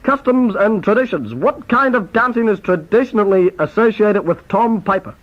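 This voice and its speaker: A man hosting a spoof quiz in a brisk, mock-formal announcing style. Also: high voice, lively intonation. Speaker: quizmaster. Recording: dull lo-fi tape recording.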